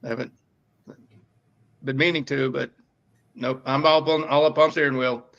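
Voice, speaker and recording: A man's voice: medium pitch, steady tone, moderate pace, vocal fry, a bit bright. A man with a New York accent, co-hosting a casual podcast chat, rambling with many fillers and restarts. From northeastern United States. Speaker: podcast producer and co-host. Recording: dull lo-fi sound.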